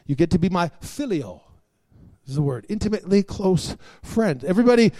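Animated high-voiced male preacher. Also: fairly quick, no echo, clean studio sound. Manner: animated, swings between shouting and soft asides, laughs. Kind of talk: sermon.

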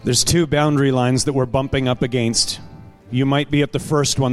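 A man's voice: mid-range voice, fairly even intonation, normal speed, faint music behind. A male pastor exhorting a congregation and then praying, earnest and urgent, building in intensity. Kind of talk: sermon and prayer.

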